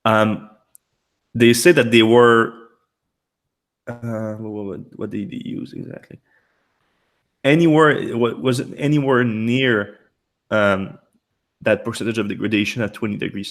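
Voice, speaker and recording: A man hosting a casual podcast chat, slightly hoarse from being a little sick and talking in halting bursts with many restarts. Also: lowish voice. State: losing his voice, a little sick. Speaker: podcast host.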